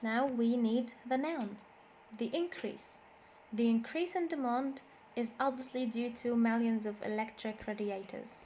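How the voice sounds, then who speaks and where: Brief: Egyptian-accented woman teacher, slightly high voice, patient drilling, light hiss behind. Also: a little slow, darkish tone. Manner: switches between English and Egyptian Arabic, repeats words to drill stress. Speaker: English teacher. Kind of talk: classroom lesson explanation.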